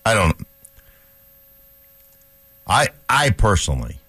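A man co-hosting sports talk radio with a very deep, husky voice that still moves a lot in pitch. He talks in a cocky, sarcastic, gloating way, recorded close and dry in the studio. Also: big pitch swings, takes it slowly, pushed and bright, no echo. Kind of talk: casual sports talk banter.

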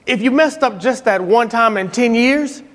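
A man giving an inspirational talk to other men, telling animated stories with frequent laughter. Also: very high-pitched, moderate pace, big-room sound. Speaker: speaker at a men's event.

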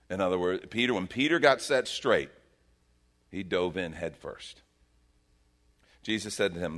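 A middle-aged male pastor delivering a sermon with a bright, forceful edge to his voice. His pitch swings widely as he preaches, rising and dropping through every phrase. He talks to the congregation in a conversational way and acts out the people he quotes. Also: expressive, normal speed, pauses often.

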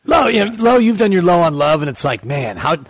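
A man's voice: high-pitched, expressive, fast, no room sound. A man co-hosting sports radio, wry and teasing, telling stories with a storyteller's build.

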